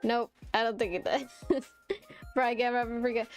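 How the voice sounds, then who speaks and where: A young woman with a fairly high voice, chatting casually to her stream audience while she draws. She talks in loose, self-deprecating rambles, restarting her sentences and laughing often. Faint music plays underneath. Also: fairly even intonation, fairly quick. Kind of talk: casual live-stream chat while drawing.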